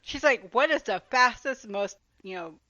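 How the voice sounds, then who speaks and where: A woman's voice: a little high, animated, moderate pace, bright, forceful tone, no room sound, highs cut off. A woman guest on a podcast, chatting casually about a novel with wry jokes. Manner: wry, joking agreement. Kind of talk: casual book chat.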